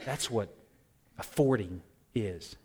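A man preaching a sermon, storytelling animatedly and swinging from hushed to loud. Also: lowish voice, animated, slow. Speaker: pastor.

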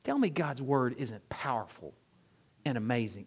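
A man preaching a sermon to a congregation, firing off rhetorical questions and swinging between loud emphatic peaks and low, quiet drops. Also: sing-song, moderate pace, slightly rough. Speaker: pastor.

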